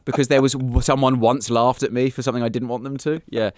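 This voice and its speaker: A man's voice: medium pitch, fast talker, no room sound, clean studio sound. A British man in his thirties, a comedian telling funny stories on a podcast and acting out voices. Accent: British English. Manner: animated, acts out voices in anecdotes. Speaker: comedian guest. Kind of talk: casual podcast storytelling.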